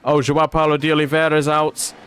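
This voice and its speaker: A man commentating a racing game on a casual livestream, chatty and rising in excitement when incidents happen. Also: on the high side, a little fast, faint music behind. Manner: chatty, rises excitedly at incidents, asides to chat.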